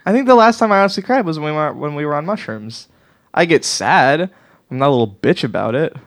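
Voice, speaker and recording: A man's voice: fairly high pitch, lively intonation, fast, no echo. A young man co-hosting a comedy podcast, rambling and self-deprecating with frequent laughs, on a studio mic with a pop filter. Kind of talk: casual comedic banter.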